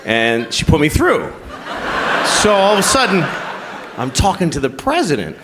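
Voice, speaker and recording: A man's voice: on the high side, wildly swooping pitch, normal speed, big-room sound. A man doing crude, exasperated stand-up comedy on stage, speaking into a handheld mic. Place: comedy stage before a live audience. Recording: live show with loud audience noise.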